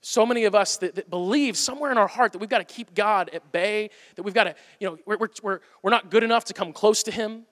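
A man preaching a sermon in a church, impassioned and swinging between loud appeals and hushed asides. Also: high voice, quick pace, few pauses. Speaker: pastor. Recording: long hall reverb.

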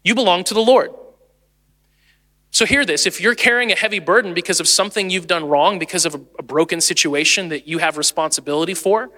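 A man in his late thirties, the lead pastor, preaching a sermon in a chatty, animated way and laughing easily. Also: high-pitched, fairly quick, long reverb tail. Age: 30s.

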